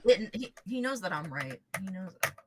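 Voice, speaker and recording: A woman's voice: medium pitch, big pitch swings, background noise. A woman playing a tabletop game who argues her point and laughs easily. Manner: argumentative, quick to laugh. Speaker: player. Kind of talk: casual tabletop game chat.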